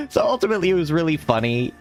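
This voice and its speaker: A young man streaming, telling an anecdote in casual chat with a rambling, animated delivery. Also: lowish voice, moderate pace, faint music behind. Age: young adult. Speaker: streamer host.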